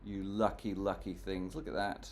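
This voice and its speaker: A man doing live stream commentary on trading charts, talking to his chat in a jokey, theatrical way that swings between mock gloom and loud exclamations. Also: low voice, level tone, moderate pace, creaky, slight background noise. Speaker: stock market streamer.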